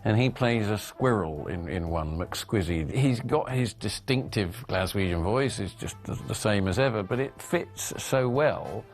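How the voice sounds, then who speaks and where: Measured man in interview. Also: lowish voice, lively intonation, faint music behind. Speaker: documentary commentator. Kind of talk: interview commentary.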